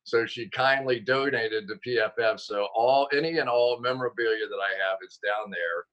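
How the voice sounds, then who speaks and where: A man telling stories as a guest on a video call, animated and quick to correct himself mid-sentence. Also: mid-range voice, highs cut off. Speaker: guest, football analyst. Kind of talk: casual interview chat.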